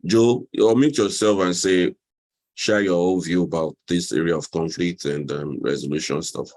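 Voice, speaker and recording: A man's voice: sits low, steady tone, moderate pace, darkish tone. A man leading an online marriage class, teasing participants, laughing often and repeating his points.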